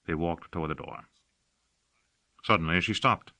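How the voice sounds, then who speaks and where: A man narrating an audiobook with expressive storytelling. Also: sits low, normal speed, dry recording. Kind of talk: scripted narration.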